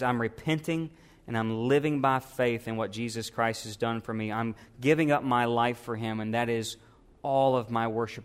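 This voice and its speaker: A man's voice: mid-range voice, clean tone. A man, a pastor, preaching a sermon and asking his congregation questions.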